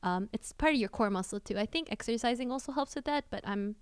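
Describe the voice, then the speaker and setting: A woman's voice: on the high side, quick pace, smooth, no echo. A woman VTuber streamer giving casual singing tips to her chat, loose and full of fillers. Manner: chatty, loose, many fillers and restarts. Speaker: VTuber streamer and cover singer.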